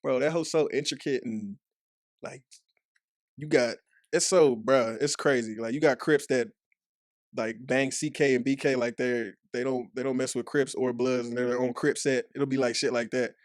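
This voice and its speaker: A young man with a Texas accent tells rambling stories, heavy on "like" and acted-out quotes. His voice sits at a middle pitch and swings up sharply when he imitates people. The sound is dry and close, with no room echo. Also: fairly even intonation, normal speed. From Dallas, Texas. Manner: loose, profane storytelling full of "like" and acted-out quotes. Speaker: podcast guest, former football player. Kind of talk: casual chat.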